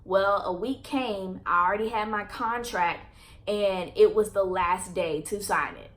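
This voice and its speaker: A woman's voice: medium pitch, unhurried. A young woman vlogger earnestly telling a personal story to her viewers and addressing them as y'all.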